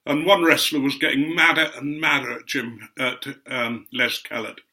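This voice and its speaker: Older guy spinning a rambling yarn, crisp bright tone, average pitch. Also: moderate pace. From Otley, Yorkshire, England. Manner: chatty and meandering, with gentle asides. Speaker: guest speaker recounting memories. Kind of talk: anecdotal storytelling.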